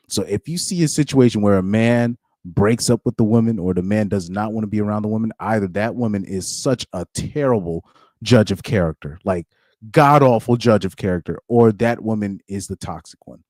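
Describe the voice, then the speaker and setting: A man's voice: fairly low pitch, darkish tone, no room sound. Opinionated man on a dry close mic. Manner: opinionated, repeats phrases for emphasis. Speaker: channel host. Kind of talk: casual live reaction commentary.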